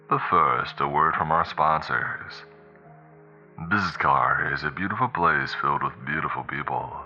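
A man voicing a male late-night radio DJ with smooth, slow salesman patter, heard through a radio speaker. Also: very deep voice, highs cut off.

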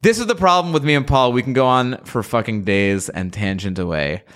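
A male podcast host chatting casually with a friend. He rants with a lot of swearing and jumps into quick put-on voices to act out what people say. His voice sits at an ordinary middle pitch for a man. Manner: profane, animated ranting with voiced impressions. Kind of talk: casual chat.

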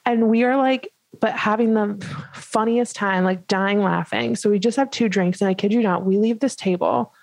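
A woman in her twenties tells a story with lots of "like" fillers. She is animated and laughs as she talks. The close mic is very dry. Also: medium pitch, moderate pace, creaky, no room sound, rough recording. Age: 20s. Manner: animated, many "like" fillers, laughs while telling. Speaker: podcast co-host. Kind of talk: casual storytelling chat.

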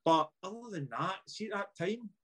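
A man's voice: high-pitched, lively intonation, normal speed, fairly bright tone. A man with a Scottish accent, a former footballer, telling stories in a casual podcast chat, swearing freely and laughing as he goes.

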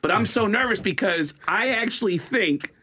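Animated comic storyteller, a man with a slightly high voice. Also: normal speed, husky, no room sound, studio quality. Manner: lively, jumps into high-pitched quoted voices. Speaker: comedian and voice actor guest.

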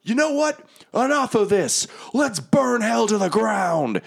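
A man voicing a fierce, brash female angel warlord who shouts and swears as she rallies her knights. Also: sits high, very animated, unhurried, creaky, pitched above the performer's own voice, heavily acted. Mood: rallying.

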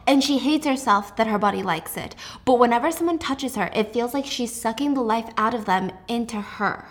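A young woman hosting a casual book recap, telling the plot in a lively, chatty, sarcastic way. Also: on the high side, fairly quick. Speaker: host.

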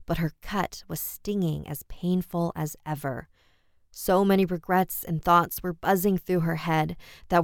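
Woman horror narrator, low smooth voice, dry close sound, measured delivery. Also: dry recording. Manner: measured, steady storytelling.

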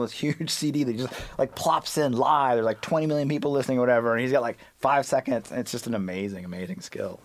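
A man's voice: medium pitch, no echo. A man, a reporter and podcast guest, speaking casually with many fillers and restarts. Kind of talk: casual interview talk.

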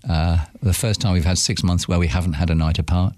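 Very deep-voiced man telling stories. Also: fairly even intonation, fast, a little mellow, no room sound. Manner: dry humor, anecdotal, laughs often. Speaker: guest, businessman. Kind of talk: casual chat, storytelling.

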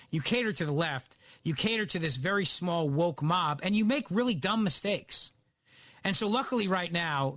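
A man with a Philadelphia accent hosting talk radio, delivering an animated, opinionated monologue. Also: a little high, no room sound. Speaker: radio host.

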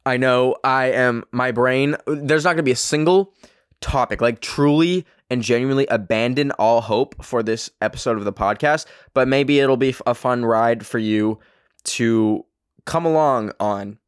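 A man's voice: mid-range voice, normal speed, clean tone, no echo, studio quality. A young man with a Canadian accent hosting his own podcast, rambling and swearing in a self-deprecating way. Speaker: podcast host. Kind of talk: casual solo podcast rant.

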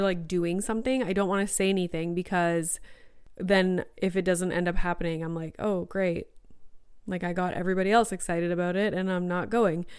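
Excitable mom podcaster gabbing solo, just over a sinus infection, smooth voice, dead dry room. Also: female voice, mid-range voice, dry recording. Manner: bubbly, chatty, exclamatory. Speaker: podcast host. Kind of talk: solo casual chat. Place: her bedroom. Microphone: studio microphone.

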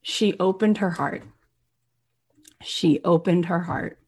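Lively woman telling an inspirational story. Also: on the low side, slow pace, husky. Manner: animated retelling with acted quotes, rising intensity. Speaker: motivational speaker.

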